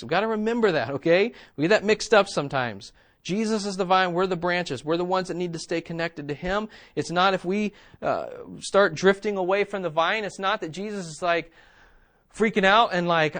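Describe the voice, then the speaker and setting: A man's voice: high voice, moderate pace, a bit bright. A man preaching a sermon in a conversational style, repeating key phrases and checking in with "okay?" and "right?". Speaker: pastor.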